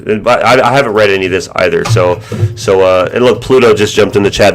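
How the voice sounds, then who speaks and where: A man hosts a loose, chatty live stream and laughs often as he talks. His voice sits in an ordinary middle pitch, and he jumps into higher voices to act out phone callers. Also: brisk, a bit bright. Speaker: stream host. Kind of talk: casual chat.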